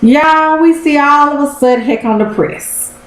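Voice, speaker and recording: Animated woman recapping TV, roomy echo. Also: high voice, normal speed. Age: 30s. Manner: animated storyteller, talks straight to viewers. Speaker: TV episode reviewer. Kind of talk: casual recap vlog. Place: room at home.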